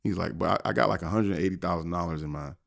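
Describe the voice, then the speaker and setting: A man's voice: deep voice, fast talker, vocal fry. A middle-aged man, a guest on a podcast, telling a story with lots of energy, acting out the people in it and laughing often. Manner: lively storyteller, acts out voices, laughs often. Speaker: podcast guest, finance professor. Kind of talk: animated storytelling.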